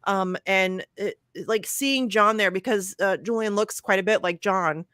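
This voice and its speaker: A woman's voice: mid-range voice, unhurried, fairly bright tone, dry recording, clean studio sound. Indignant woman co-host near tears. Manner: indignant, fighting tears, swears openly. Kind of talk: emotional political commentary.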